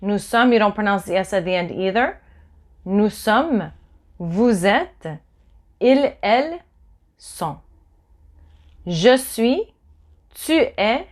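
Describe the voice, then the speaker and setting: A woman teaching a language lesson, speaking slowly and clearly, repeating phrases and spelling words out letter by letter. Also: fairly high pitch. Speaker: French teacher. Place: Los Angeles.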